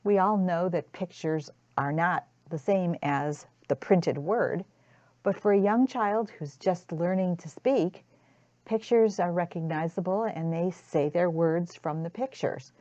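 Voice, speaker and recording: A woman's voice: fairly low pitch, dark tone, no echo. A woman tutor explaining a grammar lesson in a careful way, with frequent restarts. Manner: slow, careful, with repeated restarts. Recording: dull lo-fi dry recording.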